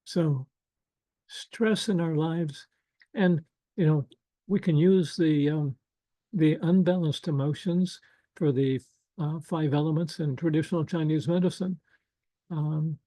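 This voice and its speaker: An older man presenting an online workshop over a video call, speaking slowly and gently with many fillers and asides. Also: fairly high pitch, steady tone, no room sound, poor audio. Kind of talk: casual online workshop talk.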